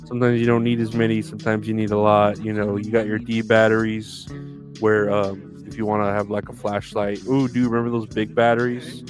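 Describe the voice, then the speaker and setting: A man hosting a solo podcast, ranting in a profane, sarcastic way with crude jokes. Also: fairly low pitch. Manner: profane, sarcastic, mocking quoted voices. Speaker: podcast host. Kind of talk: rambling solo podcast rant.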